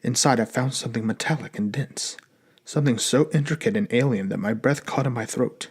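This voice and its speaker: A man narrating an audiobook in a measured, even storytelling manner. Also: medium pitch, husky.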